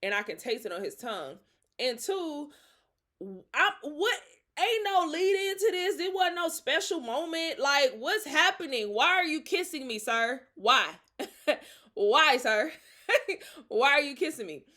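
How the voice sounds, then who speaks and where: A young woman hosting a podcast, telling a story in a lively, dramatic way with slang and frequent laughter. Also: high-pitched, a little slow. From Atlanta. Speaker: podcast host. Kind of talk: casual storytelling.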